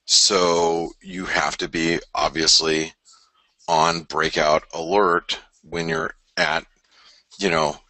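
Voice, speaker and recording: Very deep-voiced man hosting a trading webinar. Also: flat delivery, takes it slowly, bright, forceful tone, dry recording. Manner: chatty, many fillers and restarts, repeats key phrases. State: tired from an early start. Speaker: forex trading webinar host. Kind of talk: live market analysis, casual and rambling.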